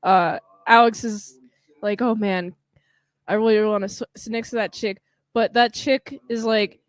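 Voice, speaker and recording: A woman co-hosting a podcast, chatting casually about a film and acting out the characters' lines in quick voices. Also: medium pitch, steady tone, no room sound. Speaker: podcast co-host. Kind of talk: casual chat recapping a film.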